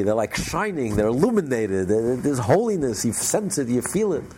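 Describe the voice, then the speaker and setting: A man teaching a religious class, telling a story in an animated way with frequent restarts. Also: mid-range voice, slight background noise.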